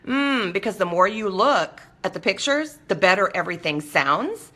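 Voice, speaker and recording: A woman's voice: mid-range voice, lively intonation, normal speed, few pauses, bright, forceful tone. A woman hosting a talk show, speaking casually and animatedly to viewers and acting out quoted voices.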